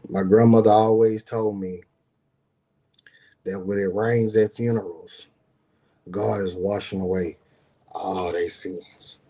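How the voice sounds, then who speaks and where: Low mellow-voiced man telling a story. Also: slow pace, long pauses. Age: adult with grown son. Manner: rambling, repeats words, lively quoting. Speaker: streamer telling a personal story. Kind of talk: casual storytelling monologue.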